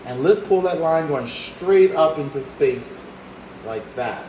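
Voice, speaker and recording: Upbeat art teacher in an echoey room. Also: male voice, on the high side, expressive, slow pace, darkish tone, slight background noise. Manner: encouraging, talks while drawing step by step. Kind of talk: drawing demonstration. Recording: roomy echo, faint ambience.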